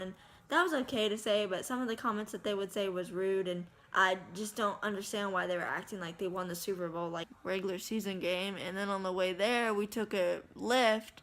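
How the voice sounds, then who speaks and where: A woman's voice: medium pitch, fairly quick, fairly bright tone. A woman vlogger chatting casually to the camera, retelling what people said with lots of "like" and "I said.".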